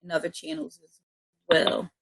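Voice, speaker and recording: A woman's voice: on the low side, big pitch swings, a little fast, creaky, crowd noise. A woman hosting her own live radio talk show, chatting loosely and casually with her listeners.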